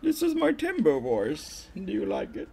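A man voicing a goofy, high-pitched cartoon elephant hero in a sing-song, cutesy way. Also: huge pitch swings, a little slow, creaky, mellow, slight background noise, exaggerated voice.

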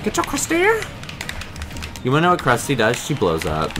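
A woman's voice: very deep voice, wildly swooping pitch, moderate pace, noisy background. A woman gamer chatting casually over a fighting game, teasing the others and laughing often. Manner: teasing trash talk, frequent laughter. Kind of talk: casual gaming chat. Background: game music.

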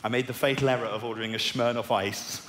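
A man in his twenties with a posh southern English accent, doing a self-mocking stand-up routine with sudden high squeaky outbursts. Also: steady tone, fast talker, fairly bright tone. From England. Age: 20s. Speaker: stand-up comedian. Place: large arena on stage. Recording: live arena recording with long reverb and crowd noise.

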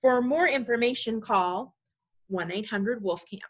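A woman leading a library storytime, reading a picture book aloud to preschoolers in an animated way and talking to the children directly. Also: medium pitch, unhurried.

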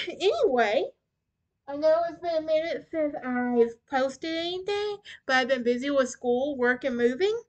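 A woman's voice: high-pitched, expressive, measured pace. A young woman hosting a casual true crime podcast, chatty and often stumbling and restarting over names. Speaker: podcast host.

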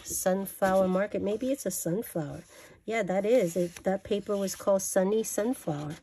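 Woman craft vlogger, mid-pitched and gravelly, chatty and gushing, faint background hiss. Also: moderate pace. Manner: gushing, chatty, self-correcting. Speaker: craft vlogger showing a haul. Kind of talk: casual show-and-tell.

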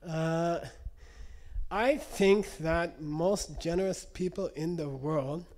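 A man's voice: on the high side, slow, darkish tone. Man lecturing live, checking in often. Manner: conversational teaching, frequent "okay?" check-ins. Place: lecture room.

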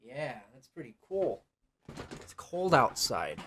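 A man casually commenting on a game livestream and reading chat aloud, joking at his own expense and yelping out loud during play. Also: measured pace. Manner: excitable, bursts into high yelps during play; self-deprecating, joking. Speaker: gaming livestreamer.

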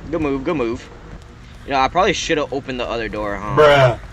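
A man's voice: mid-range voice, animated, fast, fairly bright tone, soft background music. A man giving live gameplay commentary, exclaiming and pleading at other players. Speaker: gaming YouTuber.

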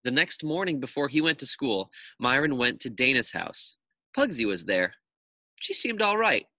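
A man, a teacher, reading a children's chapter book aloud to his class in a lively, expressive storytelling manner. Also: medium pitch, normal speed, no room sound.

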